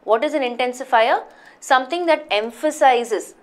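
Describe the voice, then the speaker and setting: A woman's voice: sits high, normal speed. Woman teaching a grammar class. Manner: explains patiently, asks checking questions.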